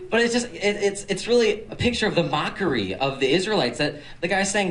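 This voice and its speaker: Chatty teenage boy preaching, slightly high. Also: animated, fairly quick, hardly any pauses, a bit bright, rough recording. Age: teens. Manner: chatty, filler-heavy retelling with many restarts. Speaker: youth preacher. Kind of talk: casual Bible talk. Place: nursing home.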